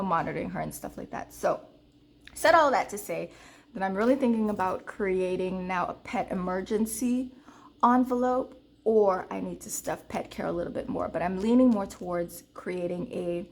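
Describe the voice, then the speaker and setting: A young woman vlogging about budgeting, telling a story to her viewers in an animated, casual way. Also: a little hiss or hum. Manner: counts cash in a low murmur.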